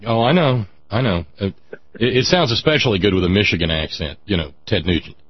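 Radio host, West Virginian man, wry drawl, husky, dry studio sound. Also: on the low side, brisk, dry recording, dull audio. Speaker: radio talk show host. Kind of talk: casual call-in radio talk.

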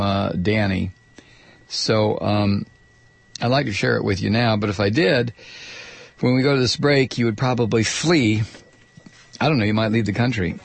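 A man's voice: fairly low pitch, gravelly, breathy edge. A man hosting a talk radio show, rambling through a sarcastic monologue close to a studio mic. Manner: sarcastic, rambling, mock voices.

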